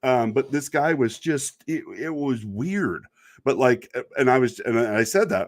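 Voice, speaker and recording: A man's voice: medium pitch, lively intonation, moderate pace. A middle-aged man hosting a casual video talk, rambling in a wry, exasperated way and laughing at himself now and then. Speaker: video podcast host. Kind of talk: casual monologue about online commenters.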